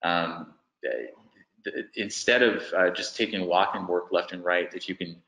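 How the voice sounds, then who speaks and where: Low-voiced man presenting a webinar. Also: fairly even intonation, normal speed, bright, forceful tone, reverberant, rough recording. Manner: thinks aloud while working through figures on screen. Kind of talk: business webinar walkthrough.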